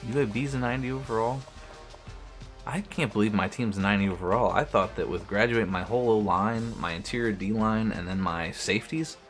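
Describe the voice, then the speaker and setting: Streamer, male, young adult, deep voice, loose swearing game commentary with faint music under it. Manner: talks to himself while playing, swears often, restarts sentences. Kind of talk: casual gameplay commentary.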